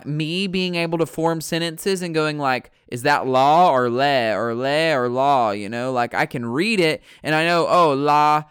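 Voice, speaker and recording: A man's voice: fairly high pitch, fairly bright tone, smooth, no echo, clean studio sound. A man from the United States chatting in a rambling, profane way, correcting himself as he goes. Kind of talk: casual rambling chat.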